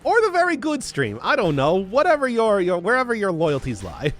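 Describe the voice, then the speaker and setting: A man with a Midwestern accent talks through a game stream in a higher voice that leaps around animatedly. He rambles, trips over his own sentences and laughs easily, speaking into a desk mic with faint game music underneath. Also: wildly swooping pitch, fairly bright tone. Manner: rambling, self-interrupting, quick to laugh. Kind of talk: live gameplay commentary, chatting with viewers. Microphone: desk mic through a mixer.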